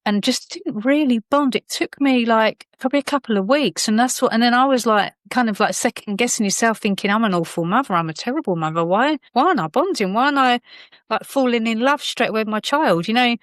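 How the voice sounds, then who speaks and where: A woman's voice: fairly high pitch, fairly quick, dry recording. A middle-aged British woman, a podcast guest, telling her personal story candidly in a rambling way with many fillers and restarts.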